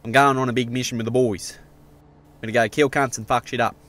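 A man's voice: medium pitch, steady tone, fast, fairly bright tone, lightly acted. A man voicing a brash, middle-aged Australian bogan who talks bluntly and swears constantly. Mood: bossy. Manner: swaggering, blunt, heavy swearing.

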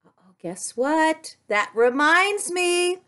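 A woman speech-language pathologist leads a playful lesson for children. Her voice is very high and bright. She speaks slowly in an animated, sing-song, exclamatory way.

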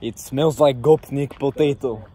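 A man's voice: medium pitch, unhurried, dark tone, husky. A young man voicing a crude, mocking Russian prankster, talking in a put-on Russian accent and mixing in Russian swearing.

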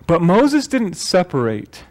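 A male pastor delivering a sermon in church, his voice sitting somewhat high for a man. He keeps it conversational and light, dropping jokes and fixing his own slips as he goes. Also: huge pitch swings, slow, darkish tone. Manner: conversational and joking, with self-corrections.

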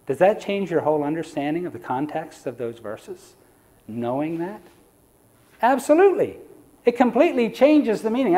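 Guy preaching in church, kinda high voice, chatty lecture, throws questions at the people. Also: a little mellow. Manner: conversational, asks the audience questions. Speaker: evangelist. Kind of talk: lecture-style sermon.

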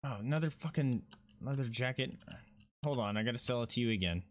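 A man doing casual let's-play commentary, swearing and excitable as he talks to himself and his viewers. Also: mid-range voice, a little fast. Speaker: gaming streamer.

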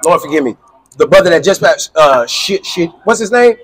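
A man's voice: on the high side, expressive, normal speed, a little hiss or hum, poor audio. A man preaching in the street with call-and-response, insistently quizzing a listener and repeating his questions.

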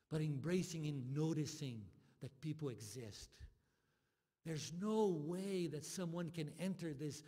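A male pastor delivers an impassioned sermon, his voice sitting a little high for a man. He drops to near-whispers and then climbs into loud, urgent appeals. Long reverb from the church sanctuary trails every phrase. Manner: impassioned, swings from soft to loud.

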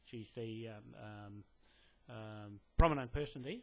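This man's voice sits fairly low, creaky yet a bit bright, and he speaks slowly. He is a land claimant giving a direct-to-camera message to a police detective inside a building, rambling through fillers and restarts in an insistent, lecturing way.

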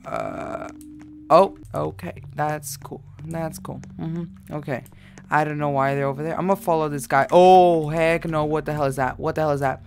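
A man's voice: fairly high pitch, fairly even intonation, normal speed, gravelly, slight background noise. A male gaming YouTuber giving jumpy horror gameplay commentary, repeating frightened exclamations.

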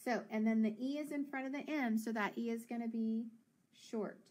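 A woman teacher giving a phonics lesson to young children, sounding out letters slowly and praising answers with a patient, encouraging manner. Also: a little high, fairly even intonation, a little mellow.

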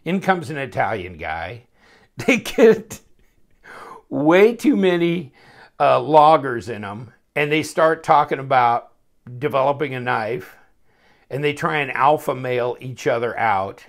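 A man with a gravelly, creaky voice talks slowly through a casual product review. His pitch rises and falls in a lively way. He rambles, chuckles often and breaks off mid-thought. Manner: chuckling, rambling, self-interrupting. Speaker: knife reviewer.

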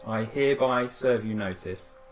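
A man voicing a calm, resolute and authoritative herald making a proclamation. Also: fairly low pitch, normal speed, roomy sound, faint music behind, voice pushed up, natural voice. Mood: commanding.

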